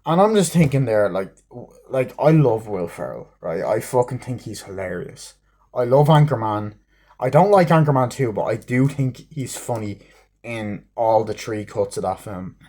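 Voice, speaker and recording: A man's voice: medium pitch, lively intonation, normal speed, mellow. A man giving a casual, rambling movie review, swearing often and filling gaps with um and like. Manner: rambling, heavy swearing, many fillers. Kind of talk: casual rambling plot recap.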